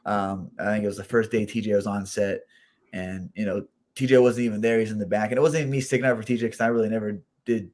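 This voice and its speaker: A man's voice: on the low side, fairly even intonation, quick pace, darkish tone. A man in his thirties, a fighter guesting on a radio show, telling stories casually with many restarts and repeated words. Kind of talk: casual interview chat.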